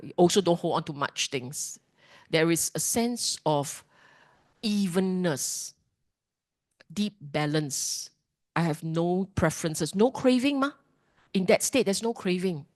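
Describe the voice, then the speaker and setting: A woman teaching a dharma class, lively and emphatic, often putting questions to the class. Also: fairly low pitch. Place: class hall.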